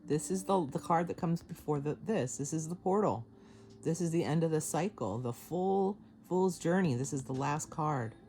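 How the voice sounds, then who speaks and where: A woman giving a casual tarot reading to camera, chatty and excitable, laughing often and swearing casually. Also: low voice, moderate pace, a little hiss or hum. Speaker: tarot reader.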